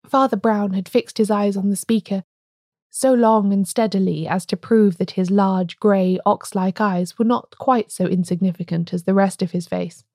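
Woman reading with a mellow tone. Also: medium pitch, steady tone, moderate pace, dry recording, studio quality. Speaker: audiobook reader. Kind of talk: scripted narration.

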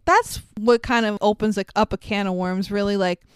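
A woman's voice: mid-range voice, moderate pace, clean tone, no echo. A woman co-hosting a podcast, retelling a movie with laughs and swearing. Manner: laughing, profane, animated retelling. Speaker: podcast co-host. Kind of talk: casual movie recap chat.

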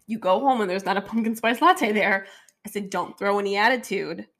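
A woman's voice: medium pitch, brisk, a bit bright. Chatty woman acting out a story. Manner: storytelling, acting out dialogue in a raised voice. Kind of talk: casual chat.

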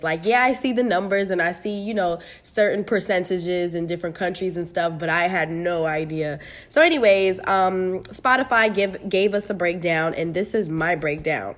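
A young woman from the United States hosting her own podcast, talking casually and candidly, swearing freely and getting animated. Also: fairly low pitch, normal speed, hardly any pauses. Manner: candid, profane, animated with bursts of laughter. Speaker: podcast host. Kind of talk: casual solo podcast chat.

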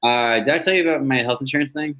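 A man as a podcast guest, telling animated casual stories over a video call and swearing freely. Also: medium pitch, quick pace, low-quality recording. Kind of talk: casual storytelling chat. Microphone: device mic on a video call.

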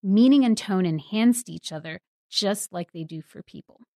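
A woman editor for a news site, explaining science stories in a clear, lightly humorous way. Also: mid-range voice, moderate pace, warm tone, dry recording, clean studio sound.

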